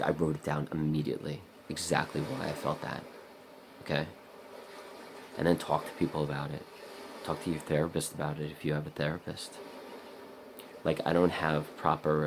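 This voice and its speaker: A man's voice: vocal fry, background noise. A man vlogging in a casual, rambling monologue, blunt and profane, talking straight to the viewer and acting out his own inner voice. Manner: acts out his own inner voice in a higher, louder pitch.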